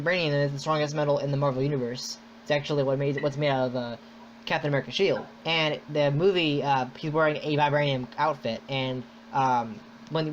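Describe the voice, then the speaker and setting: A man hosting a podcast in casual chat, rambling and excitable, full of "like". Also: fairly high pitch, slight background noise. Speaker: podcast host. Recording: dull lo-fi sound.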